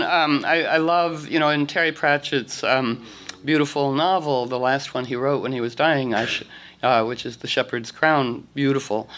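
A man telling rambling stories to a group, acting out quotes and restarting often. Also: mid-range voice. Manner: animated, acts out quotes, many restarts. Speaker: speaker addressing a group. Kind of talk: rambling storytelling talk.

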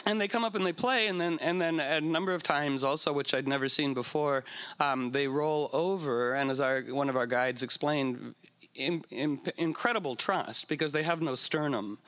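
Speaking at normal speed in a fairly high, fairly bright voice, this man tells a casual story that meanders along, full of fillers and false starts. He's playful, occasionally slipping into goofy whale voices.

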